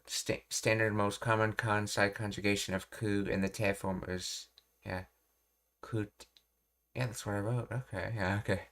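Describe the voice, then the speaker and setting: Slow, halting man, lowish voice. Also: little pitch movement, a bit bright. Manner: slow, halting, pausing to read and puzzle things out. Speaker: language learning streamer. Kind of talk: thinking aloud while studying Japanese grammar.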